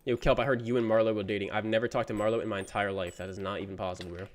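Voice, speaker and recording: A man's voice: fairly low pitch, little pitch movement, very fast, a little hiss or hum. A young man chatting casually on a gaming livestream, reading chat messages aloud and answering them in a laid-back, slangy way. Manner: slangy, says "bro" often. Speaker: gaming streamer.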